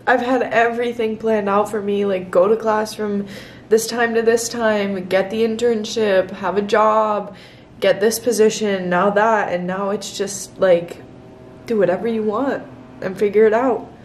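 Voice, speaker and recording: Recorded outdoors, then indoors, on a camera set down close by, a 21-year-old woman shares candid, emotional confessions for her vlog, tearful at times. Her medium-pitched voice is steady and unhurried, with a little hiss or hum.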